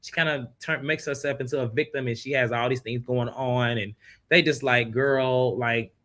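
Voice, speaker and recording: Bright-voiced man recapping gossip. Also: medium pitch, a little fast. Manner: animated, incredulous storytelling. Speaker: reality TV recap host.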